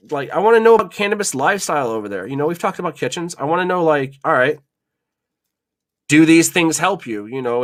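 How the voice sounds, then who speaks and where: A man hosting a podcast, telling a kitchen story in a loose, rambling way full of swearing and fillers. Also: a little high. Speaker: podcast host. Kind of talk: casual storytelling chat.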